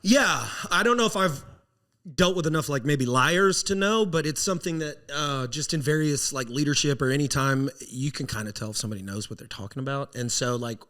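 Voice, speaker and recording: A man co-hosting a podcast, agreeable and reflective, often trailing off softly. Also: mid-range voice, brisk. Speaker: podcast co-host who manages staff. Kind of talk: casual chat.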